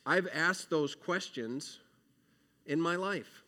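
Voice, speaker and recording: A man giving an earnest, emotional children's sermon, acting out prayers and shifting between loud pleading and quiet reflection. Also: fairly high pitch, takes it slowly. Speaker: children's minister.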